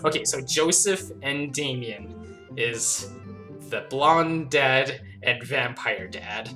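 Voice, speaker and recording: A man playing a dating game aloud, giggling often and reading the lines in silly voices. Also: mid-range voice. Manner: giggly, animated, does silly character voices. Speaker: game streamer.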